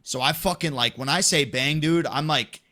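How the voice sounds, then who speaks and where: A man's voice: fairly high pitch, moderate pace. A young man, an esports play-by-play commentator, telling a story in casual podcast chat with plenty of swearing. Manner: profane, animated storytelling.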